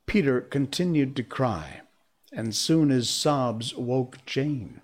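Male narrator, storybook read-aloud, slow pace, measured, expressive. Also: medium pitch, husky.

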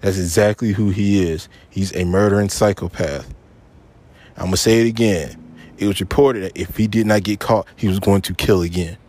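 A man's voice: low voice, steady tone, normal speed, darkish tone. A man hosting his own podcast, ranting angrily with heavy swearing and repeating his points for emphasis, frustrated and upset. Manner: angry, profane, repeats himself for emphasis. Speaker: podcast host. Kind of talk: solo podcast rant.

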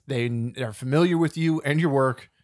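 A man with an average-pitched voice talks through a film on a casual review podcast, adding facts and quick agreements. The recording is close and dry. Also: a little mellow, no echo. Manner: explains and adds details, with short agreeing replies. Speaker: podcast co-host. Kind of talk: casual movie review chat.

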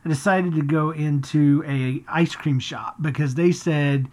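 Slow-talking woman podcast host. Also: deep voice, steady tone, a little mellow. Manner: rambling, chuckling storyteller with restarts. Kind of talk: casual family podcast chat and storytelling.

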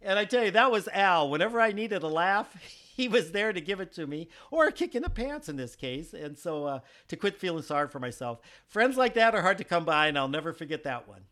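A man's voice: sits high, very animated, fairly quick, hardly any pauses, pushed and bright. A man hosting a podcast, telling a personal story and reading from an old letter, chuckling often as he goes. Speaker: podcast host.

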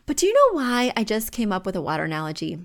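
A woman's voice: medium pitch, huge pitch swings, quick pace. A woman hosting a home-decor advice podcast from home, chatty and emphatic with firm opinions. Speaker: podcast host.

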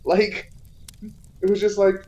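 A woman's voice: medium pitch, level tone, takes it slowly, warm tone, lo-fi sound. A woman co-hosting a casual movie review podcast, retelling the plot and acting out the characters' lines. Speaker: podcast co-host.

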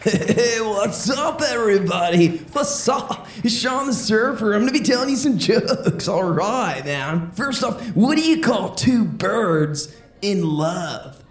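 A woman voicing a laid-back young male surfer who tells jokes slowly for a children's stand-up podcast. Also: medium pitch, voice pushed down. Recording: roomy echo.

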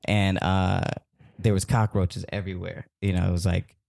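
A man telling a long, rambling story as a podcast guest, animated and full of fillers. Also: deep voice, normal speed, creaky, no echo. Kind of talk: casual storytelling.

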